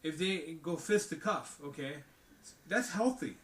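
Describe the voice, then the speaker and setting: A man with a higher, bright voice talks emphatically in a casual panel discussion, punctuating his points with rhetorical check-ins. He sits a little away from the mic, and the room around him is echoey. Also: animated, measured pace, far from the mic. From outside the United States. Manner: emphatic, rhetorical "okay?" and "you know?" asides. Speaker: podcast co-host.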